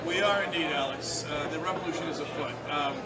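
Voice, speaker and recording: A man's voice: on the high side, fast. A man hosting a show on set, arguing heatedly and trading insults with a visitor. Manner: angry, shouting insults. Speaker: show host confronted on set. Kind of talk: heated live argument. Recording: echoey, far from mic, loud crowd.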